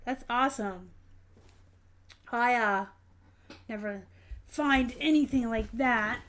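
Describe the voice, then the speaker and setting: A woman's voice: fairly high pitch, slow, long pauses, fairly bright tone, slight background noise. Chatty woman hosting a live stream. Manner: chatty, frank, many ums and self-corrections. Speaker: host of a live reselling Q&A stream. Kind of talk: casual live-stream chat reading viewer comments.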